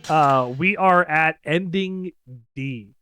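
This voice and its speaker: A man's voice: on the high side, slow, sharp tone, clean tone, faint music behind. A man streaming a video game, giving casual, chatty, playful commentary.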